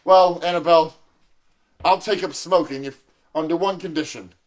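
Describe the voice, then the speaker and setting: A man's voice: fairly high pitch, moderate pace, close to an everyday voice. A man improvising an earnest undercover cop who stammers and hesitates, in an audio comedy. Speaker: improv performer.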